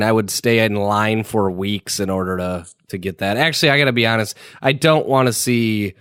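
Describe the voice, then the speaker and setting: A man co-hosting a podcast in casual chat, animated and swearing now and then, acting out little back-and-forth exchanges. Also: on the low side, moderate pace, clear, resonant tone, no echo, clean studio sound. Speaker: podcast co-host.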